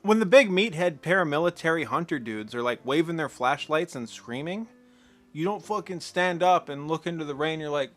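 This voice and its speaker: A man's voice: fairly high pitch, lively intonation, normal speed, a bit bright, faint music behind. A man ranting through a sarcastic, profane film commentary, exasperated and incredulous. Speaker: movie commentator.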